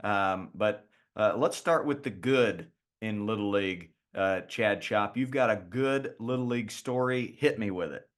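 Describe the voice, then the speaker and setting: A man from Southern California hosting a baseball podcast in casual chat, speaking haltingly. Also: on the low side. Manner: halting, many fillers. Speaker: podcast co-host.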